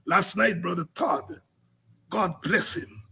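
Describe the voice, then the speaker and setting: A Guyanese man hosting a political commentary program, speaking in an impassioned, preaching cadence that rises to cries and shouts. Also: sits high, slow pace, vocal fry, breathy edge.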